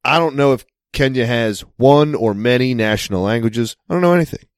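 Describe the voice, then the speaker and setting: An American man co-hosting a podcast, tossing in crude jokes and quick wry interjections during casual chat. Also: medium pitch, no echo, clean studio sound. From United States. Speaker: podcast co-host.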